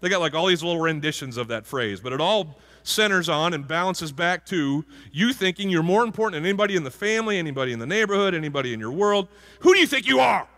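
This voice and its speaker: A man's voice: fairly high pitch, expressive, fast, few pauses, a bit bright. A male pastor giving a conversational sermon and asking the congregation questions. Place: church sanctuary. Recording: hall reverb from a church.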